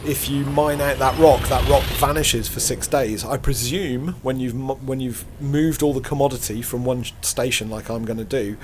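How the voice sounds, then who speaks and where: A man's voice: medium pitch, fairly even intonation, moderate pace, few pauses, darkish tone, a little hiss or hum. A middle-aged man giving casual, rambling commentary while playing a space game, often laughing at himself. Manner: rambling, self-deprecating, chuckles to himself. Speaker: gaming channel host.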